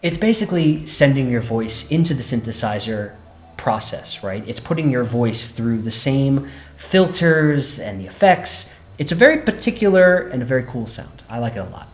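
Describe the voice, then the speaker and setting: A man hosting a relaxed synth demo lesson, often checking in with "right?" as he explains. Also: medium pitch, normal speed. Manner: relaxed, says "right?" a lot. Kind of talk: casual instructional demo. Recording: roomy echo.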